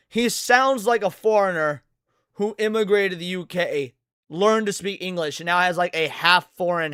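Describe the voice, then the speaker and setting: High-voiced ranting male streamer, dry mic. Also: pushed and bright, clear, resonant tone, no echo. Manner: ranting, heavy swearing, stammering repeats. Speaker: streamer reacting to a clip. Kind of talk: profane reaction commentary.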